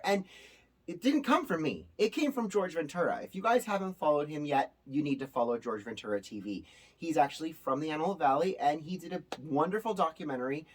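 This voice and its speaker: Talking quickly in a slightly high voice, a male show host delivers casual commentary to his viewers. He is animated and emphatic, now and then slipping into sarcasm.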